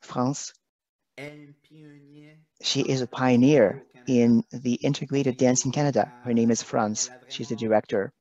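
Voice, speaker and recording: A man speaking on a video call, halting and emotional, pausing and apologizing as he talks. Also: mid-range voice, flat delivery, dark tone. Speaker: guest presenter. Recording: dull lo-fi video call audio.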